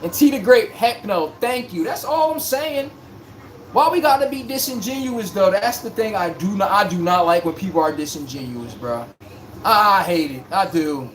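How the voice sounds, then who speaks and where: A sports podcast host runs a live-streamed basketball talk show, speaking bluntly and animatedly in slang and answering his chat directly. His voice sits high and moves at a normal speed, with a little hiss or hum in the recording.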